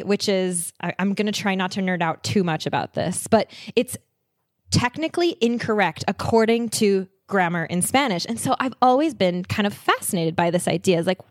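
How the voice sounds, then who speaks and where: A woman's voice: mid-range voice, dry recording, clean studio sound. Chatty, laughing woman travel guest. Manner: enthusiastic, chatty, laughs often. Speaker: podcast guest, travel blogger. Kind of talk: casual interview chat.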